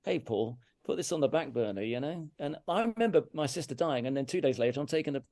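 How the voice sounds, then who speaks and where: Earnest English man, gravelly and dry. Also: fairly high pitch, lively intonation, quick pace, a little mellow, no room sound. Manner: earnest, emphatic, repeats himself, self-critical. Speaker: interview guest, brass teacher. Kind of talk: candid conversational storytelling. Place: farmhouse room.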